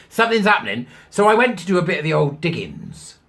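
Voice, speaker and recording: Jokey man with a gravelly voice. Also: high-pitched, big pitch swings, unhurried, a bit bright. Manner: chatty, jokey and sarcastic, laughing at his own jibes. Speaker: host. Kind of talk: casual commentary.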